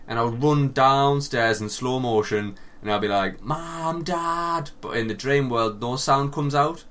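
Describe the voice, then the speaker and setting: A man's voice: medium pitch, moderate pace, slight background noise. A young man with a Northern English accent, co-hosting a casual chat and animatedly acting out his stories with plenty of swearing. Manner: animated storytelling, acts out quotes, swears a lot. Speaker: podcast co-host.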